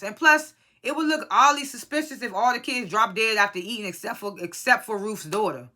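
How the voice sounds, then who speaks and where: Casual show reviewer, bright and forceful tone, rambling and profane, mid-range pitch. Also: brisk. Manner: rambling, profane, incredulous asides. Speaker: TV episode reviewer.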